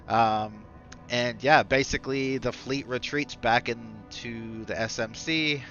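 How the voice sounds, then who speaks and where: A man's voice: mid-range voice, steady tone, takes it slowly, fairly bright tone, soft background music. A man narrating a tabletop game as game master, rambling with many fillers and restarts, in a dull lo-fi recording.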